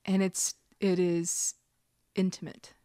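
A woman's voice: on the low side, flat delivery, very slow, dry recording. Laughing woman, dry close sound. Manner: warm storytelling, laughs often. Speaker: podcast co-host. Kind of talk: casual chat.

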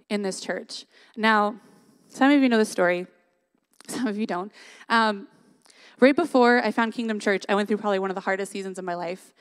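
A woman's voice: medium pitch, clean tone. A young woman giving a sermon in an earnest, conversational way, often adding "like" and "right?". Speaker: worship leader giving a church talk.

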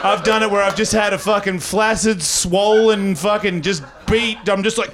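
On a comedy club stage, an Australian man works the crowd with rambling, profane stand-up while live laughter runs throughout. His voice sits high and bright, with fairly even intonation and an unhurried pace broken by few pauses.

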